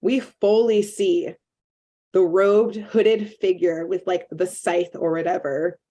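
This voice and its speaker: A woman's voice: lowish voice, takes it slowly. Woman chatting through a cartoon recap. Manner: animated retelling, acting out characters' lines with lots of "like". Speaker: podcast co-host recapping a cartoon episode. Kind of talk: casual chat.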